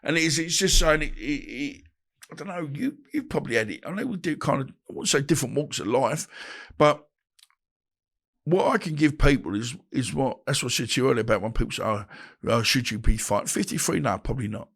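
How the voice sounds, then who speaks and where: In a storytelling interview chat, a podcast guest who boxes, a man in his 50s, speaks briskly in a mid-range voice. He brings his quotes to life, imitating people in phone calls and quarrels with changing voices.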